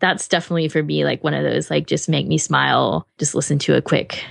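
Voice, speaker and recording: A woman's voice: deep voice, fairly even intonation, brisk, vocal fry, no echo, studio quality. A woman co-hosting a podcast in casual chat, rambling with many fillers and frequent laughs. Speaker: podcast co-host reviewing fan audiobooks.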